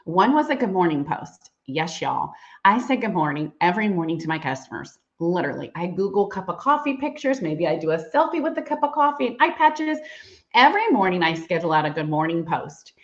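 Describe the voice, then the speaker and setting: A woman's voice: mid-range voice, very animated, fairly quick. A middle-aged woman giving a livestream sales training, bubbly and chatty, laughing often. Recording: dull lo-fi livestream audio.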